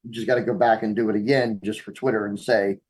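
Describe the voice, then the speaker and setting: A man's voice: fairly low pitch, fairly even intonation, fast, a little mellow, husky. Man participant on a video call, easygoing, thinks aloud as he asks. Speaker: participant asking questions. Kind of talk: casual webinar Q&A.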